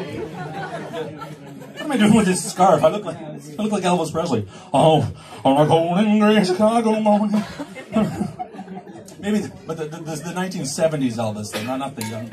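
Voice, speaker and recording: A man's voice: fairly high pitch, lively intonation, moderate pace. A male stand-up comedian performing live in a cinema, rambling and self-mocking, with stammering restarts. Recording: far from the mic, loud crowd laughter.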